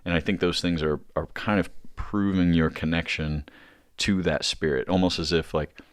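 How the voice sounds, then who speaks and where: Male podcast guest, very low voice, meandering delivery, dry close sound. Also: steady tone, moderate pace, no room sound. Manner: rambling, many fillers and restarts. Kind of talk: casual podcast chat.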